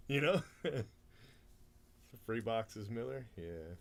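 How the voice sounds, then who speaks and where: A man's voice: mid-range voice, sing-song, unhurried, slight background noise. Chatty man hosting a card break. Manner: chatty, laughs often, rattles off player names. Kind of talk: casual live-stream chat.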